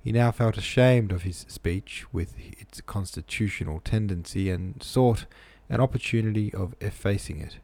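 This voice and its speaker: A man's voice: lowish voice, moderate pace, gravelly, few pauses, darkish tone. A man reading a novel aloud, plain with casual asides, close-miked in a small room. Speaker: reader.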